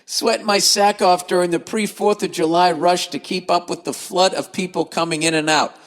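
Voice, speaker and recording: A man's voice: high voice, steady tone, moderate pace, big-room sound. A man hosting a podcast, reading listener emails aloud and ranting about them in a profane, exasperated, sarcastic way. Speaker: podcast host.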